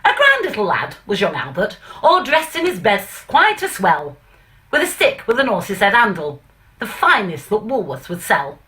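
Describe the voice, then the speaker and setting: A woman reads an old comic monologue aloud in a put-on northern English accent. Her voice is bright and forward, and her pitch swings widely through the verses. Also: wildly swooping pitch, moderate pace. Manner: chatty, hesitant intro with many fillers. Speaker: reader of a comic monologue poem.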